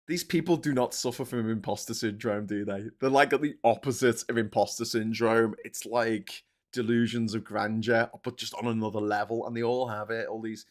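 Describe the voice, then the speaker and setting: Rambling, animated male streamer. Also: medium pitch, moderate pace. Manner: rambling, animated, laughs often, swears freely. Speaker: live-stream host. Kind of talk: casual live-stream commentary reading viewer messages.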